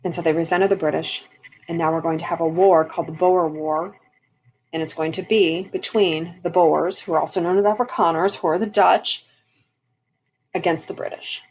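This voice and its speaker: A woman with a fairly low, a little mellow voice speaks at a moderate pace with fairly even intonation, over slight background noise and poor audio. She's teaching a history lesson, switching between reading a passage aloud and explaining it conversationally, with frequent fillers and restarts.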